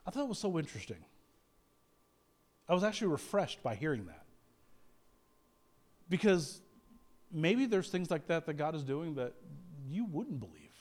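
A man delivering a lively sermon in a notably high voice. He swings between hushed asides and raised, dramatic quotes of anguished prayers, with quick self-deprecating jokes. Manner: animated, acts out quoted prayers, self-deprecating humor, frequent laughs. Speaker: pastor.

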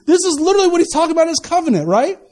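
Male pastor, high-pitched, preaching an animated sermon with humorous asides. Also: rapid-fire. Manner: animated preaching with asides and laughter, swinging from loud to quiet.

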